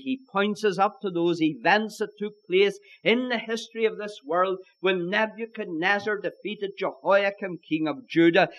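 A man's voice: sits high, poor audio. A man with an Irish accent preaching a sermon, emphatic, repeating his key lines and calling his listeners his friends.

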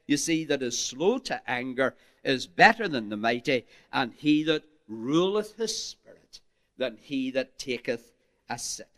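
A man's voice: medium pitch, a bit bright. A man preaching a sermon in an emphatic, rising and falling delivery, addressing his listeners as "my friends.". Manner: archaic King James phrasing.

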